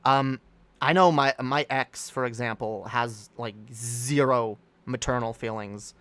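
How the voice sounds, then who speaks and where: A man hosting a livestream rambles through his thoughts, stopping and restarting often, and reads comments out to react to them. His voice sounds smooth and clear at a middling pitch. It is recorded close up and dry. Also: steady tone, fairly bright tone, dry recording. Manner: rambling, halting with many restarts. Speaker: streamer host.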